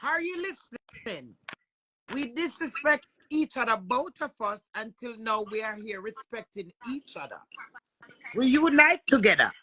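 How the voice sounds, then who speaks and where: A woman's voice: a little high, sing-song, measured pace, pushed and bright, a little hiss or hum. A Jamaican woman ranting brashly and profanely on a live stream. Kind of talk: heated live stream rant.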